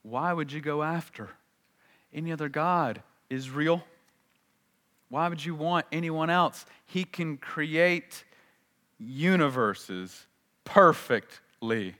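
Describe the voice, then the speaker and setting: Male pastor, bright tone, lively sermon delivery with rhetorical questions. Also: mid-range voice. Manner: animated preaching with acted-out quotes and rhetorical questions.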